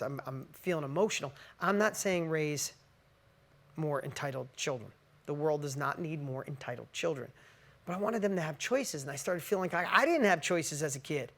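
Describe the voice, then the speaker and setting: Earnest middle-aged man, slightly high voice. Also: creaky, fairly bright tone. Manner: earnest and emotional, acting out quoted dialogue. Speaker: motivational speaker. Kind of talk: personal storytelling talk.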